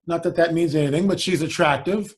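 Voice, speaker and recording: A man with a high speaking voice tells a story as a guest in a conversation. He tells it in an animated way and acts out the quoted lines of the people in it. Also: brisk.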